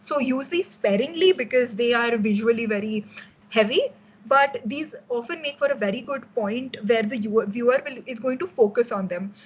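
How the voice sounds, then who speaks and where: A woman's voice: fairly high pitch, normal speed, breathy edge, dull audio. A young woman with an Indian English accent, giving a casual workshop lecture on design as a mentor, explaining with frequent fillers and restarts.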